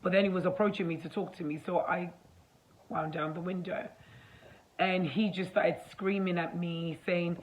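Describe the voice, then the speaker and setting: Woman vlogging, fairly low voice, animated storyteller, lots of ums. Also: moderate pace, slight background noise, poor audio. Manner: animated, acts out dialogue, fillers. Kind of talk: casual storytelling to camera.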